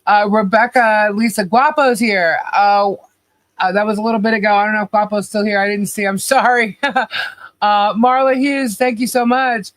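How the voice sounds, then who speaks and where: A woman co-hosting a live stream in a relaxed, supportive way, chatting and reading out viewer messages. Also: medium pitch, moderate pace, no echo. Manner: laid-back, supportive, reads viewer messages. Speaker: live show co-host. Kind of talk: casual live-stream chat.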